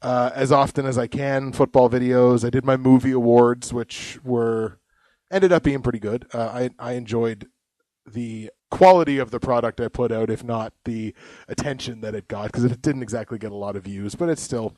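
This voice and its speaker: A man's voice: mid-range voice, fairly even intonation, moderate pace, darkish tone, no room sound. Chatty young man, dry close sound. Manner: chatty, laughs often, rambling. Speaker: podcast co-host. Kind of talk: casual live podcast chat.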